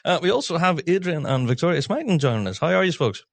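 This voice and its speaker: A man hosting a podcast in casual chat, talkative and quick to laugh. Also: fairly high pitch, big pitch swings, gravelly, slight background noise. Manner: chatty, laughs often, quick asides. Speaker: podcast host.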